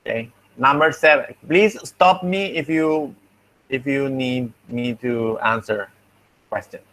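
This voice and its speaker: A man's voice: on the high side, a bit bright. A young man teaching a linguistics class, patiently going over exam answers and thinking aloud as he explains. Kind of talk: online class feedback lecture.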